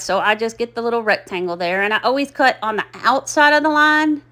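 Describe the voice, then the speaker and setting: A woman's voice: mid-range voice, a bit bright. A middle-aged woman, chatting in a rambling, folksy, self-deprecating way as she narrates her craft project. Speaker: craft channel host. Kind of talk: chatty DIY voice-over.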